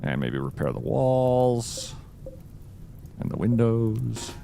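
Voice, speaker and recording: Lively-voiced male game streamer. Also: mid-range voice, slow, creaky, a little hiss or hum. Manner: chatty, greets viewers and talks to his cat. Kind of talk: live-streamed gameplay commentary.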